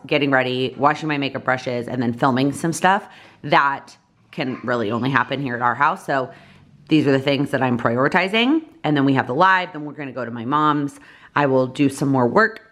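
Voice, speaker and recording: Woman, 30s, low voice, chatty, rambling, lots of fillers, casual home vlog. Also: a bit bright. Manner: rambling, chatty, many fillers and self-corrections. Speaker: vlogger, mother. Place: home, kitchen table. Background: baby toy noises.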